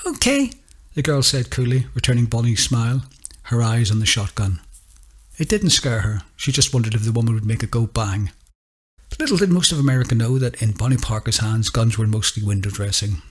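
Husky male story narrator. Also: mid-range voice.

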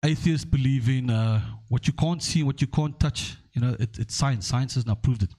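A podcast host with an average-pitched voice. He talks at length in a loose, rambling way, often checking in with his listeners. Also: normal speed, mellow. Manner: rambling, storytelling, checking in with "okay?". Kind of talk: casual podcast discussion.

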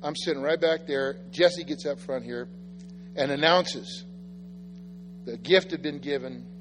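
A pastor telling personal stories in a sermon, animated and self-deprecating, acting out the quotes. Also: male voice, a little high, a little slow. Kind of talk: sermon storytelling. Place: church sanctuary. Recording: reverberant church hall with faint music.

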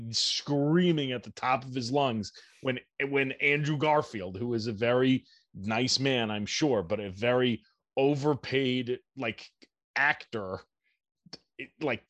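A man's voice: mid-range voice, a bit bright, no room sound. A man co-hosting a podcast in casual chat, candid and self-deprecating, rambling and swearing freely. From United States. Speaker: podcast co-host.

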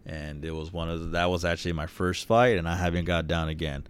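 A young man co-hosting a podcast, telling stories in a rambling, profane, animated way. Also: low-pitched, fast, smooth. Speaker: podcast co-host. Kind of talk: casual podcast banter.

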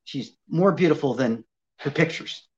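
A man's voice: a little high, unhurried. Older guy ventriloquist rambling through a story, doing little voices, kinda dull lo-fi sound. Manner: animated anecdote teller, acting out quoted voices. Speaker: ventriloquist guest. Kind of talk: storytelling interview chat. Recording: dull lo-fi audio.

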